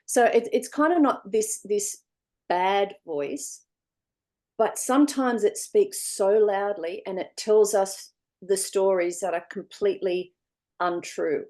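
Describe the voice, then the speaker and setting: Aussie woman guest on a video call, warm mellow voice, acts out little voices as she talks. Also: mid-range voice, takes it slowly. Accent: Australian. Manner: animated storyteller acting out voices. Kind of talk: online interview.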